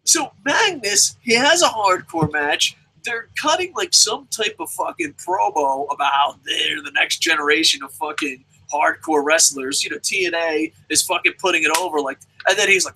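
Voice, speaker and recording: A man's voice: high-pitched, very animated, normal speed, bright, forceful tone, slightly rough, low-quality recording. A young adult man ranting through a profane wrestling review, swearing nonstop and mocking the people he talks about. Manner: swears constantly, rants, mimics people mockingly.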